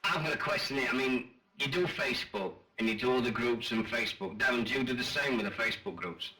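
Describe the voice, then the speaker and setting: A man's voice: medium pitch, fast talker, sharp tone. A man in his forties with a Northern English accent, hosting a chat radio show with boisterous, teasing banter and casual swearing. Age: 40s.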